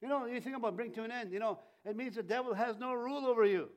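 Man preaching, high voice, lively and chatty, middle-aged, asks the congregation questions. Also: quick pace. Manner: conversational, animated, jokey asides. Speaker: pastor. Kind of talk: Easter sermon.

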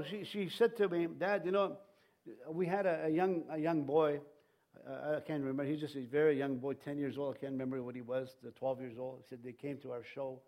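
A middle-aged man preaches in a church, pitched a little high for a man. He talks in a folksy, rambling way, full of restarts and fillers. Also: a little mellow. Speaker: pastor. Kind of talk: sermon. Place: church sanctuary.

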